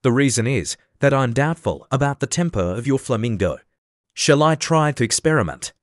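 A man's voice: mid-range voice, expressive, normal speed, no room sound, clean studio sound, close to an everyday voice. A man voicing a moralizing, agreeable old Duchess in a prim, sententious manner.

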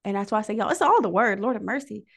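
A woman hosting a prayer livestream, preaching in an emotional, near-tearful way and pausing often to listen. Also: medium pitch, animated, gravelly, fairly bright tone. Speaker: host of a prayer call livestream. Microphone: livestream microphone.

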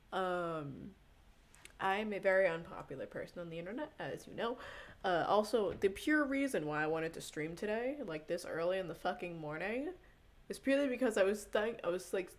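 A young woman streaming casually, rambling, giggling often and swearing a lot as she chats to viewers. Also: on the low side. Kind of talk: casual live-stream chat.

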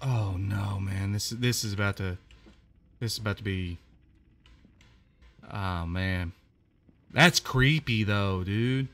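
Playing a horror game, a man with a lowish, slightly bright voice gives casual let's-play commentary. He's chatty, quick to exclaim, and often repeats himself.

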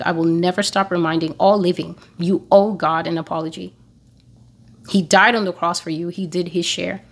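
A woman's voice: on the low side, creaky. A woman preaching an earnest, emphatic sermon, repeating phrases for stress. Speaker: prophecy blog preacher.

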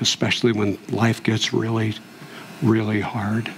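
Gravelly preacher man in a reverberant church. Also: mid-range voice, moderate pace, a little hiss or hum. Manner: storytelling preacher, rising to impassioned peaks. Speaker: pastor. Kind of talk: sermon. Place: church sanctuary. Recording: long hall reverb.

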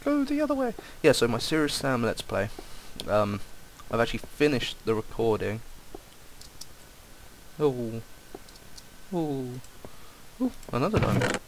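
A man's voice: medium pitch, animated, measured pace, long pauses, slight background noise, poor audio. Rambling young man commenting on a game. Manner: rambling, distracted, swears and exclaims at the game. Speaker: Let's Play commentator. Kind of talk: casual gameplay commentary.

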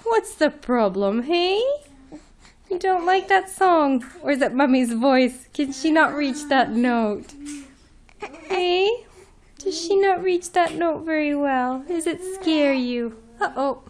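A mother at home singing soft, slow songs and cooing to her baby. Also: sits high, lively intonation.

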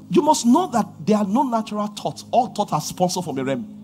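A Nigerian man preaching a sermon as pastor, swinging from quiet asides to loud outbursts. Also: high-pitched, big pitch swings, fairly quick, soft background music.

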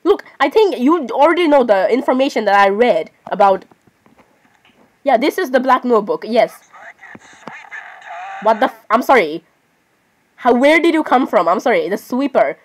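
A woman's voice: on the high side, lively intonation, normal speed, pauses often. A woman giving casual gameplay commentary, chatting on and arguing with herself, often breaking off to apologize. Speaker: gaming channel host.

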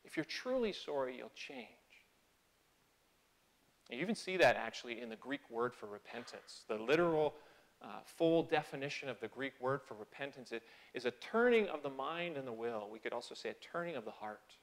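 A man's voice: lively intonation, normal speed. Earnest man preaching a sermon. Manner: earnest, rises in pitch and loudness on key phrases; conversational asides and small restarts. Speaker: pastor. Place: church sanctuary.

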